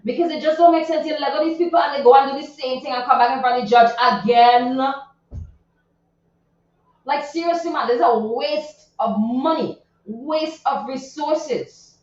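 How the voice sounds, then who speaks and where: A woman's voice: high-pitched, moderate pace, a little mellow. Chatty woman in an echoey room. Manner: chatty and indignant, with many asides and repeats. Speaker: radio morning show host. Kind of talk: casual chat reading social media news. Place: radio studio. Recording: very echoey, distant, dull sound.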